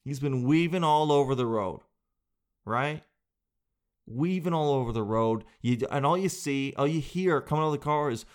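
A man comedian telling a comic monologue in an animated, profane storytelling way. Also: mid-range voice, moderate pace, clear, resonant tone. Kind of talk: stand-up style comic monologue.

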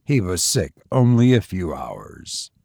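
Male reader going deep for a cold, guarded middle-aged man; husky, dry. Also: huge pitch swings, slow pace, warm tone, no echo, exaggerated voice.

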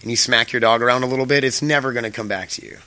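Rambling, swearing podcast guy, bright voice. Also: medium pitch, rapid-fire, dry recording. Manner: rambling, swears freely, many fillers. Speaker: podcast host. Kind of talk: casual solo podcast chat.

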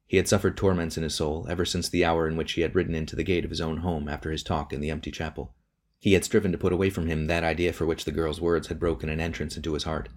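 A man narrating a novel as an audiobook in a measured, steady reading. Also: sits low.

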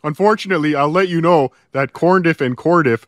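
A man co-hosting a casual livestream, teasing the host in a deadpan way. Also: a little high, fairly quick, no room sound, studio quality. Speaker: co-host voicing a potato.

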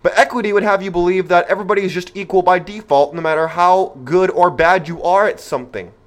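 Fast and high-pitched, with fairly even intonation, a male podcast host speaks. His monologue is opinionated and rhetorical, delivered emphatically to his audience.

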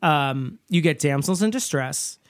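A man with a somewhat high voice talks through a film in casual podcast chat. He rambles a little, leaning on "like" and "um" as he builds his points. The sound is close and dry, with no room around it. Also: animated, a little slow, no room sound. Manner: chatty, filler-heavy, rambling analysis. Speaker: podcast co-host.

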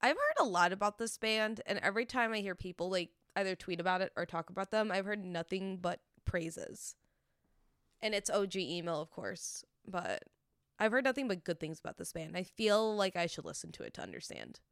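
A woman co-hosting a podcast, chatting casually with quick teasing reactions. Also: mid-range voice, big pitch swings, a bit bright, smooth, no room sound, studio quality. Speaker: podcast co-host. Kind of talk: casual chat.

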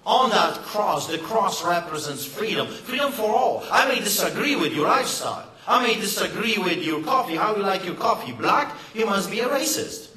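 A man's voice: high-pitched, big pitch swings, normal speed, few pauses, pushed and bright, echoey room, a little hiss or hum, low-quality recording. Fiery man giving a rally speech. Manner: impassioned, emphatic, sarcastic. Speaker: rally speaker. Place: event hall.

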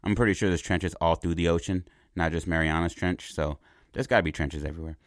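A man with a deep, low voice spins out a movie idea as a loose, rambling story. He stumbles over words and keeps checking in with his listeners. The sound is dry and close, with no room echo. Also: quick pace. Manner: rambling and animated, repeats words, asks "right?". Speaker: podcast host pitching a movie idea. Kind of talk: casual storytelling.

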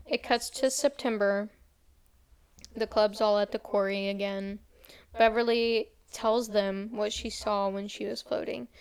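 Her medium-pitched voice is gravelly yet smooth as the young woman runs through a horror movie's plot for a friend. It's a fast, casual retelling of the film, with the characters' quotes delivered in a light voice.

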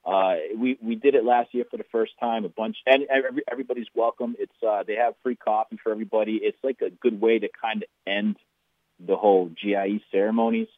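A man's voice: lowish voice, steady tone, quick pace, no echo, phone-quality sound. A man with a thick Boston accent, a lawn care business owner chatting eagerly as a guest in an interview. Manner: friendly, eager, with frequent restarts. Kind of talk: casual interview chat.

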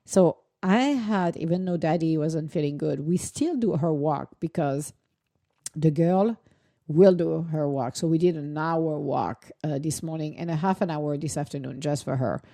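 A woman's voice: low voice, normal speed, creaky, warm tone, no room sound, clean studio sound. A woman chatting casually in a vlog, telling stories animatedly, with laughter and acted-out quotes. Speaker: vlogger, dog owner. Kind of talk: casual chat.

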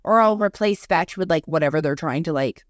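Easygoing low-voiced woman host. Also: fairly quick, dry recording, clean studio sound. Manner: rambling, relaxed storytelling with fillers. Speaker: podcast host. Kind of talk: casual chat.

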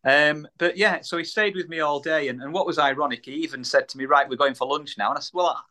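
A man's voice: fairly high pitch, fast, sharp tone. A man from the UK, a small business owner, telling a story in a casual podcast chat, repeating words and acting out the voices of people he quotes.

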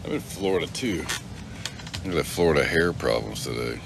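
Deep gravelly middle-aged man, joking host. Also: animated, brisk, noisy background. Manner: joking, rambling, greets viewers by name. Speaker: live-stream host. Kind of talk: casual live-stream chat.

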